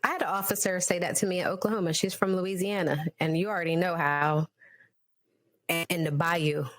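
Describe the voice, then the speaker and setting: Lively woman hosting a podcast chat. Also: on the low side, brisk, dry recording. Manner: lively, storytelling with laughter. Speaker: podcast host. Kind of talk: casual panel chat.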